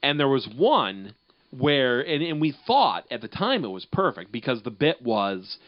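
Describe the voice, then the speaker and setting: A man's voice: medium pitch, sing-song, a little slow. A man co-hosting a podcast in casual chat, rambling through profane, laughing banter. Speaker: podcast co-host. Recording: dull lo-fi podcast audio.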